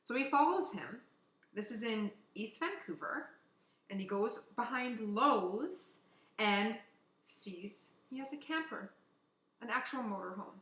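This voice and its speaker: A woman co-hosting a casual podcast from Canada, telling a story in an animated way, swearing and acting out what people said. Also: a little high, measured pace. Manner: animated, swearing, acts out quotes. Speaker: podcast co-host. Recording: echoey room.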